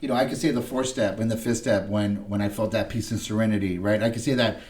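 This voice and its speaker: A man's voice: on the low side, steady tone, fast talker, a little mellow. A man telling an emotional personal story as a podcast guest, rambling and blunt, often tagging "right?" onto his sentences. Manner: swearing, blunt.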